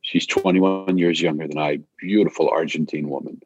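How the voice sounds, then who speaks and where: An older man telling a personal story in a soft-spoken, reflective way, slowing down on key phrases. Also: a bass voice, steady tone, highs cut off, slight background noise.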